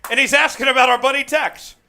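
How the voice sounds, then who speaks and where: A man's voice: extremely high pitch, steady tone, fast, pushed and bright, faint music behind. A man hosting a live sports watch-along stream, fired up, calling the plays and reading out viewer comments. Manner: amped, hyped, calls plays and reads chat. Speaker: host.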